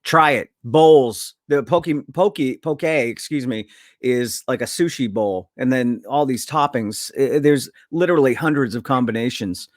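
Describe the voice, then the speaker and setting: A man's voice: mid-range voice, a little slow, dry recording, clean studio sound. A man hosting a casual talk show, running loosely through sponsor plugs with stumbles and self-corrections before bringing in a guest. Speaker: host.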